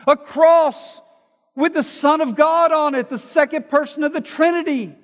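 Man, pastor preaching, high voice, reads scripture aloud, loud emphasis and quiet asides, reverberant hall. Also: fairly even intonation, measured pace. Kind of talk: expository sermon.

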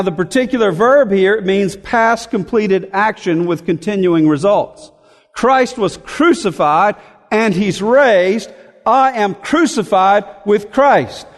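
A man's voice: high voice, long reverb tail. A man preaching a sermon, reading scripture verses aloud and explaining them phrase by phrase. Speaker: pastor.

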